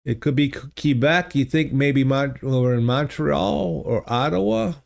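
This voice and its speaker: A man hosting a livestream, chatting casually and thinking aloud in a halting, easygoing way while playing a geography game. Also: mid-range voice, creaky, a little mellow. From United States. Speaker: livestream host. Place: home streaming studio. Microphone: studio desk microphone.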